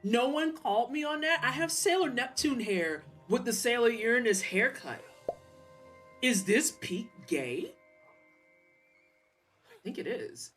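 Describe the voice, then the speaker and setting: Brief: lively, foul-mouthed streamer, muttering then shouting, wide expressive pitch. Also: unhurried, long pauses, faint music behind. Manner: animated, swears a lot, jokes and laughs; swings between mutters and loud outbursts. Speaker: livestreamer. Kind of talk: casual gaming stream commentary.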